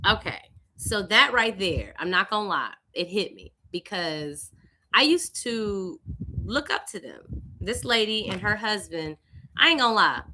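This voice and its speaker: A young woman from Louisiana with a Southern accent, hosting a live stream and telling a personal story in an animated, conversational way. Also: medium pitch, a little slow, slight background noise. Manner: animated, conversational, with lively voiced greetings. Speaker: host.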